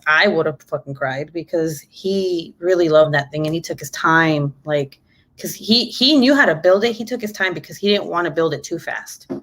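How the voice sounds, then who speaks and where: A young adult woman chatting casually to camera, telling a story with lots of swearing and acted-out quotes. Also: fairly low pitch. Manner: animated, swears freely, acts out quotes. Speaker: mom vlogger.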